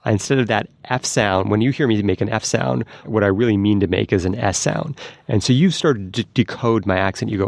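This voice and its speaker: A man reports science stories on a podcast. His low voice has a gravelly edge, and he explains things in a lively, hands-on way. The sound is dry and close, with no room around it. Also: brisk, no room sound. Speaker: science news correspondent.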